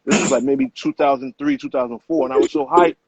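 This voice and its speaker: A middle-aged man, an author guest, telling stories in casual interview talk with animated street slang and plenty of cursing. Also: fairly high pitch, fast talker, gravelly, breathy edge, no room sound. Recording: muffled lo-fi sound.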